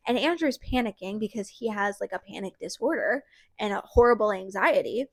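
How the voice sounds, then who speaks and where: Woman vlogger, fairly high voice, dry close sound, casual and emphatic book talk. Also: brisk, dry recording. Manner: emphatic and animated, frequent "like". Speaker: book reviewer. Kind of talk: casual book review vlog.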